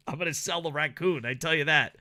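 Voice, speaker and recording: A man's voice: fairly high pitch, sharp tone. A man co-hosting a podcast, bantering casually and often breaking into laughter. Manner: giggly, playful, breaks into laughter. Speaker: podcast co-host. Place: Japan.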